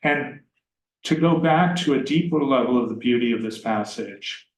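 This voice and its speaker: A man giving a measured public talk on poetry, slowing down to read verse lines aloud. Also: medium pitch. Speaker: poet giving a lecture. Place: lecture room. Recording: roomy hall sound, faint background noise.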